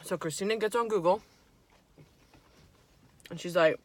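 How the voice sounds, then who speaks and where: A woman's voice: fairly low pitch, measured pace, long pauses. A woman in her twenties telling a casual storytime while eating, chatty and profane, acting out her friends' lines. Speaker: vlogger.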